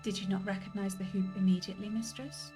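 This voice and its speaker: Casting: woman reading a proper, dry-spoken robot servant for a story game, formal and matter-of-fact, at a middling pitch. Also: flat delivery, fast talker, over music, lightly acted.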